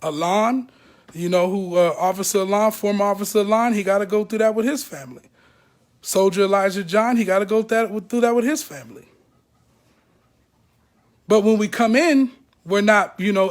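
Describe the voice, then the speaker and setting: A man's voice: high voice, brisk. A man speaking to camera, emotional and blunt, animating the people he talks about. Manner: animated, acts out other people's words; blunt and profane. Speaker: ex-member speaking out.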